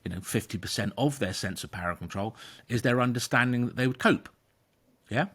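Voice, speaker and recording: A man's voice: medium pitch, brisk, husky. Emphatic man explaining. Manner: animated, emphatic, acts out inner voices. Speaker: therapist and podcast host. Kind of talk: conversational explanation.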